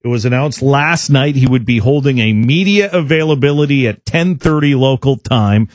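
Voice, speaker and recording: A man's voice: medium pitch, normal speed, dry recording. A male sports radio host with a mid-range voice who argues his opinions emphatically. He often restarts sentences as he builds his point. The studio sound is dry and close.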